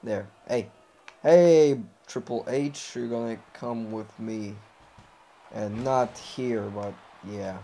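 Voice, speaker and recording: A young man narrates his wrestling video game match as he plays it. He speaks slowly and unhurried, then bursts into frustrated yelling and swearing whenever the game fights back. His voice sits at an ordinary middle pitch. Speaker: gamer recording a playthrough. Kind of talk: live gameplay commentary.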